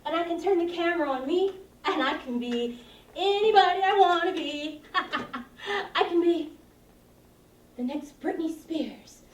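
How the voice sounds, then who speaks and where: A woman's voice: very high-pitched, unhurried. A woman playing a lonely, awkward seventh-grade girl who rambles and giggles self-consciously while confiding to her camcorder. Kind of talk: confessional monologue to a camcorder. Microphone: camcorder mic. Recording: roomy sound from a distance.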